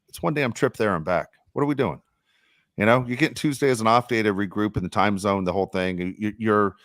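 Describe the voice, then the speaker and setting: A man hosting a casual sports podcast, rambling and animated, with mock-complaining asides. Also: deep voice, dry recording, clean studio sound. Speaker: podcast host.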